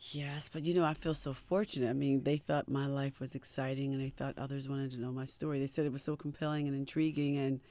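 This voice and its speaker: A middle-aged woman from Maryland, a singer chatting as a guest in a casual interview, warm and playful with easy laughs. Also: extremely low pitch, steady tone, fast talker, hardly any pauses, no room sound. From Maryland, USA.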